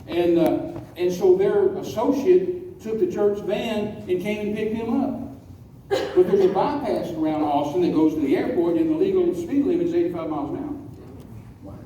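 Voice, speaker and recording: A man preaching a folksy storytelling sermon, slowing down to stress key words. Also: high-pitched, sing-song, mellow. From West Texas. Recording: echoey hall, distant mic, faint noise.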